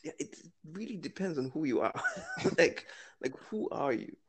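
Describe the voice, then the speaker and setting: A man's voice: fairly high pitch, sing-song, normal speed, husky. A man with a South African accent co-hosting a podcast, rambling in casual chat and laughing often. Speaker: podcast co-host.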